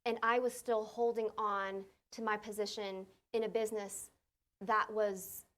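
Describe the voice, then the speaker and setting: A middle-aged woman who owns a business tells her story in a casual interview. She talks in an animated way, acts out the dialogue and laughs often. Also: medium pitch, measured pace. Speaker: business owner guest.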